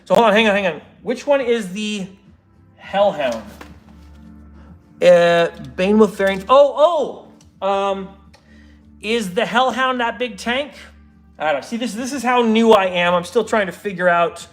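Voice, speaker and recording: Casual streamer, male, high voice, rambly and self-interrupting, faint music underneath. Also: fairly bright tone. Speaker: streamer building models. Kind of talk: casual livestream chat reading comments.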